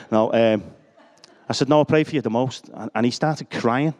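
A man's voice: mid-range voice, a little slow, darkish tone. Middle-aged guy preaching, chatty, cracks jokes at himself, rambly stories. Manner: chatty, self-deprecating, joking asides. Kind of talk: sermon with personal anecdotes.

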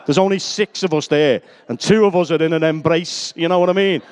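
A man's voice: fairly high pitch, a little fast, smooth. A middle-aged man, preaching a sermon full of personal stories and self-deprecating jokes. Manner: chatty, self-deprecating, joking asides.

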